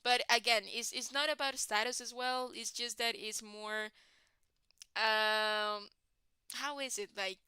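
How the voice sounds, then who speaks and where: Woman teacher, talks real slow, bright clear voice, keeps saying right guys. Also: on the high side, fairly even intonation, dry recording. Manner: repeats "right, guys?" often, restarts and repeats words. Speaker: English teacher. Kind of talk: slow classroom explanation.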